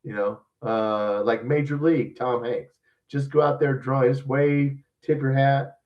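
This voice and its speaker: A man's voice: medium pitch, fairly even intonation, measured pace, distant mic, highs cut off. A man hosting a show, giving blunt, profane, rambling opinions in casual talk. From lives in Louisiana. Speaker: podcast host. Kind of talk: casual sports opinion rant.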